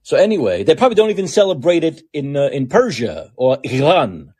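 A man's voice: on the high side, a little fast, husky. A man hosting a political podcast, delivering a sarcastic, mocking commentary monologue. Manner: sarcastic, mocking, animated rants. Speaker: podcast host.

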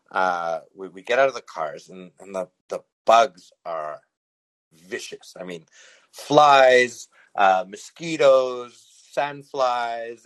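A man's voice: on the low side, fairly bright tone, low-quality recording. A middle-aged man from Canada telling a personal story as a podcast host, rambling with many fillers and chuckling as he goes. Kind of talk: casual storytelling.

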